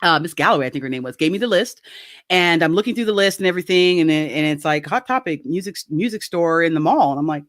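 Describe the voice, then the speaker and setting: A woman's voice: on the low side, lively intonation, fast, a bit bright, no room sound, clean studio sound. A woman telling a story in casual chat on a video call. She talks animatedly, laughs often and acts out the quoted voices. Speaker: guest.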